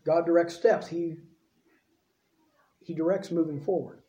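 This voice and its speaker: A man's voice: fairly high pitch, steady tone, unhurried, warm tone, roomy sound, lo-fi sound. A man preaching a sermon in a folksy, conversational way, with frequent asides to the congregation.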